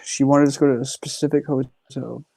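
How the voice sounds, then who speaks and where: A man talks fast in a gravelly voice as he tells stories on a podcast. He is insistent, repeating his points and swearing. The sound is dry. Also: medium pitch, fairly even intonation, mellow, dry recording. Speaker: guest. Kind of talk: casual podcast chat.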